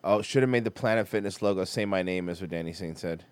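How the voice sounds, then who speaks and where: A man's voice: deep voice, fast talker, smooth, no room sound. A man hosting a casual livestream, reacting animatedly and swearing freely. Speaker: livestream host.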